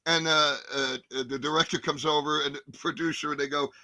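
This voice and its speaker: Animated, cursing man in his sixties. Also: fairly high pitch, a little fast, no room sound. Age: 60s. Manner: animated, profane, acts out scenes. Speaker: actor and guest. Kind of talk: casual storytelling interview.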